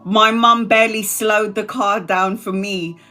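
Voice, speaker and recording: A woman's voice: mid-range voice, steady tone, measured pace, pushed and bright. Chatty woman in her forties, self-mocking live-stream host; faint music under her. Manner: chatty, self-mocking, swears, laughs often. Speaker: tarot reader live-streaming. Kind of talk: casual live-stream chat.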